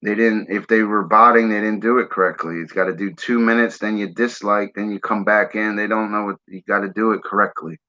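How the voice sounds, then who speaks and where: Philly-raised male streamer, loose rambling talker with a sharp tone. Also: on the low side, fairly even intonation, brisk, few pauses. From Philadelphia area, US. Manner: rambling, keeps saying "man"; smokes while talking. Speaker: livestream host. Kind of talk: casual livestream chat. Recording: dull lo-fi stream audio.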